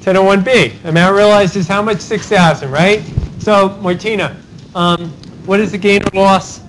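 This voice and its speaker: A male law professor teaching a class Socratically, calling on students by name and checking answers with quick "right?" tags. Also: high voice, a little hiss or hum, rough recording. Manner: rapid cold-calling of students, tag questions like "right?". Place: university classroom.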